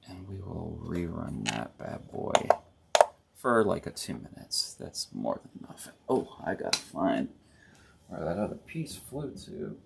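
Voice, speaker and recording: Gravelly, low-voiced man chatting casually. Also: very animated, unhurried, heavy background noise. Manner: rambling, self-correcting, chatty. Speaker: host of a board gaming channel. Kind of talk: casual hobby tutorial.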